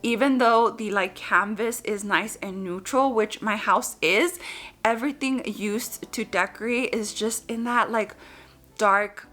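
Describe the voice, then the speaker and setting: A woman's voice: mid-range voice, measured pace, fairly bright tone. A young woman chatting to her viewers in a casual home decor vlog, a little out of breath. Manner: chatty, addresses viewers as you guys.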